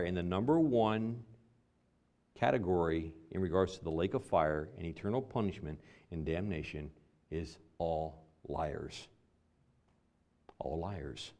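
A middle-aged male pastor preaching a sermon, emphatic and repetitive, dropping low and quiet to stress key words.

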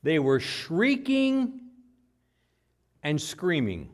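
A man preaching a sermon in church, animated, repeating words and acting out the quotes. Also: a little high, extremely slow. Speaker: pastor. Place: church with microphone.

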